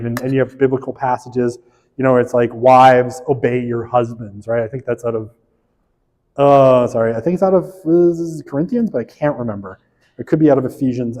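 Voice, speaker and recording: A man with a medium-pitched, dark voice gives a casual university sociology lecture in a large hall, captured with poor audio. He is chatty and self-deprecating, frequently checking in with the tag question "right?".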